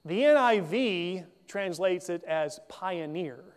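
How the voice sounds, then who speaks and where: A man preaching a sermon in a measured, emphatic way, reading scripture aloud and then explaining it. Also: sits high, animated, clean tone, in a large hall.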